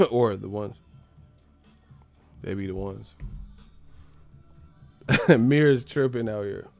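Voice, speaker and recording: A man's voice: fairly low pitch, slow pace, gravelly, darkish tone, no echo, faint music behind. A man hosting a livestream, rambling in casual chat, swearing and laughing often. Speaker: livestream host.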